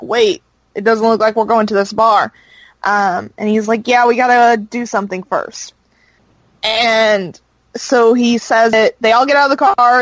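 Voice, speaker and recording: A woman's voice: on the high side, no echo, rough recording. A woman casually recapping a show's plot, rambling with fillers as she goes. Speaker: podcast co-host recapping a show. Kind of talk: casual chat.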